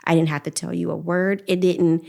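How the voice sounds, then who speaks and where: A middle-aged woman shares her story as a podcast guest, earnest and emotional. Her voice sits a little low, and she often slips into quoting her own prayers. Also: level tone, a little fast, creaky, a little mellow. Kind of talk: personal testimony in a podcast interview.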